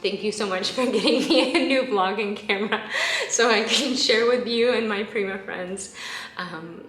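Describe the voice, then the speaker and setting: A woman's voice: mid-range voice, moderate pace, fairly bright tone, echoey room, soft background music, low-quality recording. A young woman telling a personal story to camera in a casual vlog, chatty and emotional, laughing often between thoughts. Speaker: vlogger.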